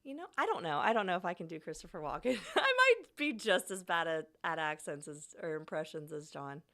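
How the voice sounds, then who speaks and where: A woman's voice: fairly low pitch, very animated, a little fast, bright, forceful tone. A woman streamer chatting casually, giggly and rambling, often trailing off.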